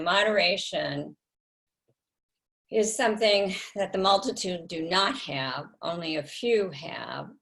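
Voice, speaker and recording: Low, gravelly, slow-speaking woman student. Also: fairly bright tone. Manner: hesitant, halting, with fillers and restarts. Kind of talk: class discussion.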